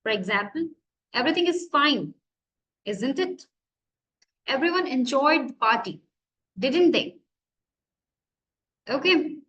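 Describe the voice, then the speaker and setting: A woman's voice: high voice, animated, slow pace, long pauses, a bit bright, lo-fi sound. A woman college lecturer with an Indian English accent, teaching grammar and asking and answering her own questions.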